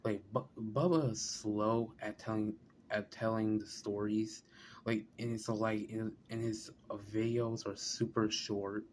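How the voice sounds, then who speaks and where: A man's voice: lowish voice, flat delivery, a little slow, darkish tone, slight background noise. A man reacting to a video in casual commentary, blunt and swearing, often stumbling over his words.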